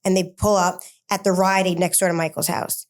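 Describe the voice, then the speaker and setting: Halting woman telling her story. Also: lowish voice, little pitch movement. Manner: halting, many fillers and restarts. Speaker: interview guest. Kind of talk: personal story told in an interview.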